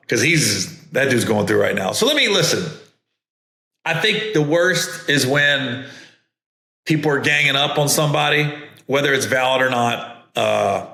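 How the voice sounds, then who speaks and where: Bright-voiced man telling stories. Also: medium pitch, gravelly. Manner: rambling, with many restarts and mimicked voices. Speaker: podcast host and comedian. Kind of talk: casual storytelling. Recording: echoey room.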